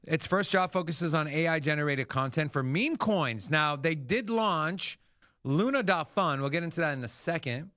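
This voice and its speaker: A man hosting a crypto livestream, talking casually and excitably, swearing freely. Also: a little high, moderate pace, no room sound, studio quality. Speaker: crypto show host. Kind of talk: livestream market commentary.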